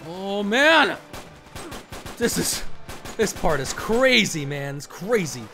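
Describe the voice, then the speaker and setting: Excitable man doing lively game commentary. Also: sits high, slow pace, soft background music. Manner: excitable, loud outbursts and cursing. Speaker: gaming commentator. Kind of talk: casual let's-play commentary.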